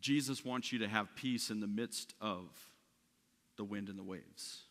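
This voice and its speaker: Bright-voiced pastor preaching in a hall. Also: male voice, fairly low pitch, unhurried. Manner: conversational preaching with frequent "right?" and restarts. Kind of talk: sermon. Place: church sanctuary.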